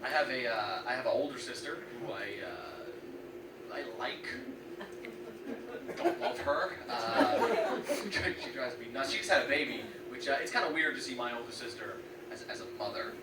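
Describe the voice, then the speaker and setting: A man's voice: medium pitch, moderate pace. A young man performing a stand-up comedy set, telling stories and acting out the voices of people in them. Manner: animated storytelling, acting out quoted voices. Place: comedy venue with a live audience. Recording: echoey room, distant mic, loud background noise.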